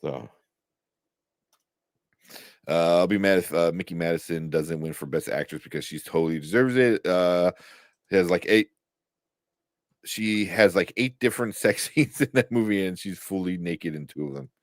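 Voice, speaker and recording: A man's voice: low-pitched, moderate pace, long pauses, no echo, studio quality. A man co-hosting a casual movie talk show, rambling with many fillers and restarts. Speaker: podcast co-host. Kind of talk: casual chat.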